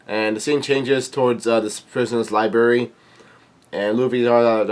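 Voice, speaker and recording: A man reading a comic aloud for a reaction video, halting, with many fillers and restarts. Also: fairly low pitch, steady tone.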